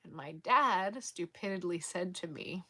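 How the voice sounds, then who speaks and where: Bright, lively woman telling a story. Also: fairly low pitch, takes it slowly. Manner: animated, exasperated storytelling. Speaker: crochet vlogger. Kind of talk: casual storytelling.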